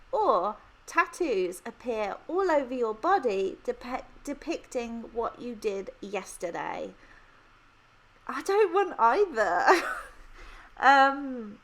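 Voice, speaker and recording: A young woman talks with a Birmingham accent in a relaxed, chatty Q&A. She laughs often and pokes fun at herself as she answers. Her voice sits at a middle pitch for a woman. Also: low-quality recording. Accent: Birmingham (Brummie). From Birmingham, England. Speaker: planner vlogger answering questions. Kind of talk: casual Q&A chat.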